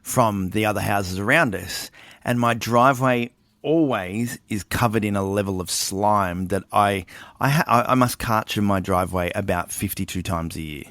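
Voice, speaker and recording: Low-voiced Australian man, casual podcast chat. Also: moderate pace, fairly bright tone, dry recording. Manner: laid-back, swears casually. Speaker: podcast co-host.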